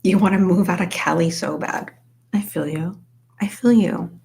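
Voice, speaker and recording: A woman's voice: fairly low pitch, fairly even intonation, moderate pace, vocal fry, a little mellow. A young woman live streaming, chatting casually with viewers while she crochets, with lots of "like" fillers. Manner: chatty, says "like" a lot, reads out chat names.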